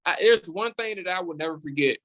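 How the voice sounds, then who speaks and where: A man in a radio studio, a guest sports podcaster making his case with energy. He restarts and repeats words as he works through his argument. His voice sits a little high for a man. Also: quick pace. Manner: animated and opinionated, repeats words while building a point. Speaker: podcast host, guest on the show. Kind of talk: casual sports radio talk.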